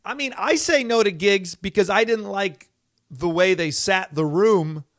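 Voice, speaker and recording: A man's voice: sits high, unhurried, fairly bright tone, no room sound, studio quality. A middle-aged man hosting a podcast, talking in a rambling, exasperated way with many fillers and restarts. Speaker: podcast host. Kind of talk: casual monologue.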